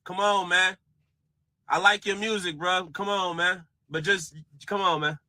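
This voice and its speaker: A man with a very high, piercing bright voice rants casually to camera. He teases and addresses his target directly. The sound is close and dry with no room. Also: fairly even intonation, unhurried, no room sound. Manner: teasing, addresses the subject directly. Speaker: commentator.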